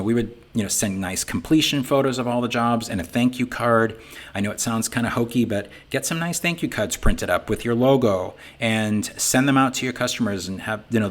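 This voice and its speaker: A middle-aged man with a Boston accent giving an informal webinar talk, folksy and conversational, often saying "you know". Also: medium pitch. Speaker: webinar presenter for a sign business software company.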